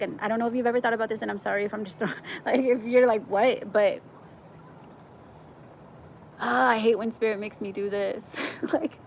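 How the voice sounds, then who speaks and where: This is a woman giving a tarot reading on a live stream, talking at a middling pitch. She rambles in a warm, effusive way and leans on "like" constantly. She breaks into easy laughs often. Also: vocal fry, slight background noise. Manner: chatty and effusive, heavy use of "like", frequent laughs; gets excited and loud at good news. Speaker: tarot reader.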